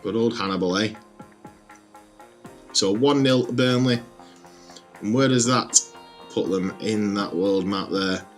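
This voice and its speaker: A man commentating on his own football video game with energetic, exclamatory play-by-play. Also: fairly low pitch, slow, pauses often, faint music behind. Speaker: gaming YouTuber.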